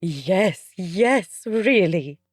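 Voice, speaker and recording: A woman's voice: lowish voice, sing-song, takes it slowly, darkish tone, slightly rough, no room sound, clean studio sound, exaggerated voice. A woman voicing a playful, regal female fairy queen with a teasing, lofty manner.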